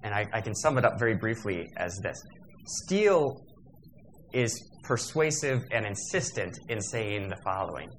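A man's voice: on the low side, sing-song, normal speed, a little hiss or hum. A man giving a workshop lecture in a discursive, digressive manner, with fillers and self-corrections.

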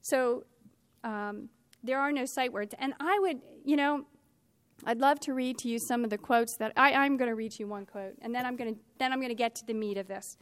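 A middle-aged woman lecturing a class as a teacher trainer, slowing down to stress key words and hurrying through asides. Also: fairly high pitch, clear, resonant tone, no echo.

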